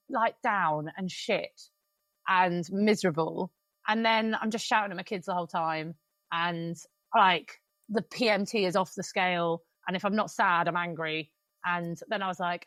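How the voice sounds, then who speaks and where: A woman, hosting a podcast and venting candidly in quick runs, swearing freely. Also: mid-range voice, fairly bright tone, dry recording. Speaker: podcast host. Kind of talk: casual podcast chat.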